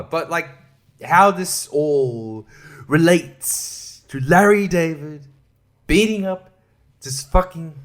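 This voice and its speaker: A man hosting a solo podcast, ranting with lots of swearing, frequent laughter and hushed asides. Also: a little high. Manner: profane, ranting, laughs often. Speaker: podcast host.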